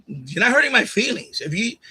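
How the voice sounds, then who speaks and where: A man's voice: extremely high pitch, sing-song, fairly quick, sharp tone, husky, rough recording. A man hosting a live stream, ranting straight at a viewer in a combative, repetitive way on a USB condenser mic at home. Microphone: USB condenser mic on boom arm.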